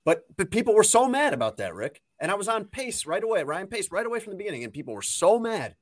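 A man's voice: high voice, very animated. Opinionated man in sports chat. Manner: opinionated, teasing, quick to mock critics. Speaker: sports reporter, guest.

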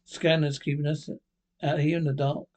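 A man's voice: fairly high pitch, flat delivery, moderate pace, a little mellow, close to an everyday voice. A man reading a storybook, voicing a bold, commanding young man who leads a ghost hunt. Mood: brash. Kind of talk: audiobook character voice.

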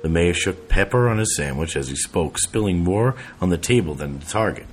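Very deep-voiced male audiobook narrator. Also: moderate pace, hardly any pauses, breathy edge.

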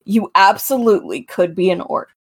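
A woman voicing a calm, reasonable armored human man in a tabletop game, in a measured, unthreatening way. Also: medium pitch, husky.

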